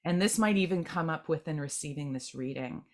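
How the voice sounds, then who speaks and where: A woman with a fairly low voice gives a spiritual group tarot reading. Her talk is gentle and meandering, with many halting restarts and repeated words as she searches for what she is sensing. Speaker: tarot reader.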